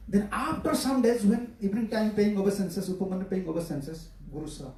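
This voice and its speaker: A man's voice: sits high, brisk, darkish tone. A man, a monk giving a scripture class, preaching emphatically in simple English and repeating key words in threes. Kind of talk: sermon. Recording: echoey hall from far off.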